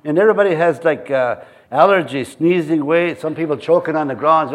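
A man's voice: on the high side, a little fast. A man preaching a sermon in a church, mixing scripture readings with joking, chuckling asides. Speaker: pastor.

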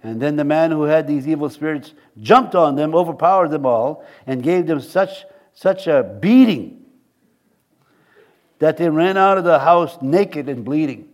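A man's voice: a little high, unhurried, a little mellow. A middle-aged man, preaching a conversational sermon to a congregation in a church. He rambles and jokes, often laughing at his own stories.

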